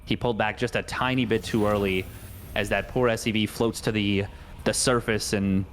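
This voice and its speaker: A man's voice: lowish voice, fairly even intonation, moderate pace, slight background noise. A man casting a live esports match, joking around and thinking aloud as he talks. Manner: playful, jokey, rambling. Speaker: esports caster.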